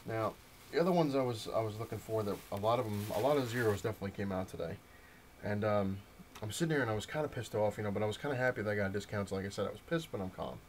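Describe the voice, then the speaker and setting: Speaking very fast in a fairly low voice, a comic book collector at home rambles on camera about his visit to the comic shop and his new purchases. The storytelling is loose, full of fillers and restarts, and there's slight background noise.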